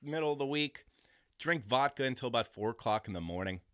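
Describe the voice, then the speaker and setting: A man's voice: medium pitch, brisk, dry recording, studio quality. A man casually telling a long, profane story, slipping into other people's voices as he goes. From New York area. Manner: rambling, profane, animated anecdote with quoted voices. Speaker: podcast storyteller.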